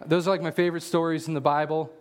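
A man preaching a casual sermon as a pastor, telling jokey stories with loud animated bursts and reading scripture slowly aloud. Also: a little high.

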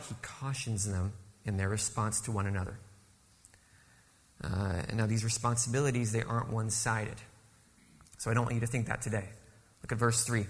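A man's voice: mid-range voice, fairly bright tone, big-room sound. A man preaching a sermon as guest speaker, asking the congregation rhetorical questions and then answering them. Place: church sanctuary.

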